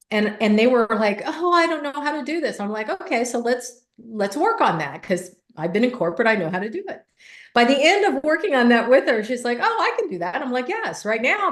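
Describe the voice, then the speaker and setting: A woman speaking as an interview guest, a coach with a lively storytelling manner who slips into voices when she quotes people. Her voice sits at a middle pitch and carries a noticeable echo from the room around her. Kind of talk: conversational interview. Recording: echoey room.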